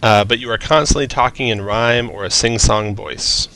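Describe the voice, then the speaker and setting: Gravelly man running a tabletop game. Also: medium pitch, normal speed, a crowd in the background. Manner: descriptive narration with casual asides. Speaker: game master.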